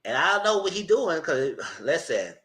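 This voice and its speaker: Animated man reviewing reality TV. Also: a little high, moderate pace. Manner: animated, repeats words, curses freely. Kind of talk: casual live review commentary.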